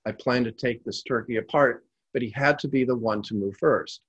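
Calm male narrator reading stories, husky voice, dry close sound. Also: medium pitch, moderate pace, dry recording, muffled recording. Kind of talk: scripted storytelling narration.

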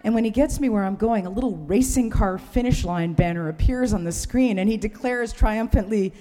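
A woman's voice: medium pitch, fairly quick, mellow, big-room sound. A woman delivering a sermon, telling a wry, humorous story in a church. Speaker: preacher.

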